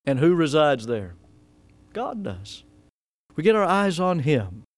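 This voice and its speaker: A man preaching a sermon, swinging between loud emphatic bursts and hushed low phrases, stretching key words and often restarting mid-sentence. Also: very animated, slow, no room sound. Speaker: pastor.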